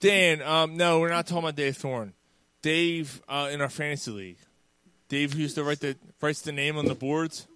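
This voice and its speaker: A man's voice: fairly high pitch, steady tone, normal speed, pushed and bright, smooth. Profane, laughing man telling a story. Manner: profane, laughing, acts out quotes. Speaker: podcast co-host. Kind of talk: casual storytelling banter.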